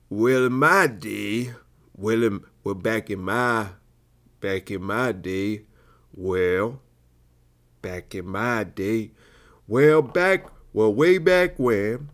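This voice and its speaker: Comic doing a slow, drawling old-timer, rambling and folksy. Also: male voice, on the low side, heavily acted.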